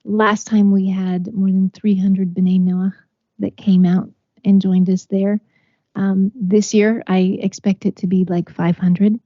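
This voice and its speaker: A woman's voice: mid-range voice, level tone, slow pace, no echo, highs cut off. A woman from Texas, a guest in a conversational interview, speaking earnestly with frequent fillers and restarts. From Texas, USA. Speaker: interview guest, organization founder.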